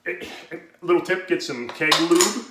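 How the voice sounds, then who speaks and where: A man's voice: fairly high pitch, normal speed. A man hosting a home brewing video, giving a casual how-to demonstration in a rambling, profane way and talking himself out of breath. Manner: rambling, profane, self-interrupting. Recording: roomy echoey room, faint noise.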